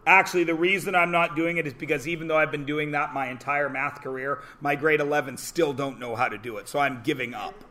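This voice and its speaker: A man in his forties teaching a high school math class, joking with the students between problems and sometimes bursting into shouts. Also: steady tone, fairly quick, hardly any pauses. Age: 40s. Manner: wisecracking, theatrical asides and bursts of shouting.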